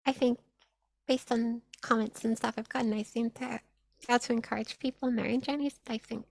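A woman's voice: on the high side, steady tone, fairly quick, vocal fry, darkish tone, no echo, rough recording. A young woman, an audio creator, answering interview questions casually, upbeat, with frequent laughs and lots of "like". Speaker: audio content creator, guest.

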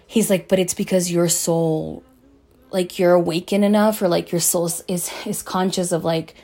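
Young female vlogger, low-pitched with vocal fry; loose, profane, filler-heavy storytelling. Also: fairly even intonation, moderate pace, warm tone. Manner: rambling, profane, lots of "like" and "um". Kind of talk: casual storytime monologue.

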